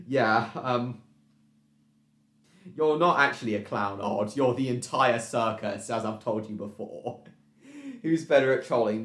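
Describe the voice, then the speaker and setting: A man chatting on his live stream, his voice sitting at an ordinary middle pitch. He keeps stopping and restarting his sentences, filling the gaps with ums. The room around him gives everything a noticeable echo. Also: fairly bright tone. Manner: repetitive, halting, restarts phrases, many ums. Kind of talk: casual live stream chat, reading out viewer comments. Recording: roomy echo.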